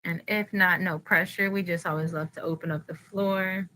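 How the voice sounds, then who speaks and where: Brief: easygoing woman host, slightly low pitch, conversational. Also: normal speed, poor audio. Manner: relaxed, conversational, lots of fillers. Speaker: podcast host. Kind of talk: casual chat.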